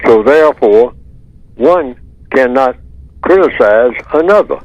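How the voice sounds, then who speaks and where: A man's voice: mid-range voice, expressive, slow pace, no room sound. A man holds forth as a talk radio guest, pressing his points hard and answering his own rhetorical questions. His voice comes through a dull, lo-fi line with a dry, close sound. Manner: emphatic, repeats key points, rhetorical questions.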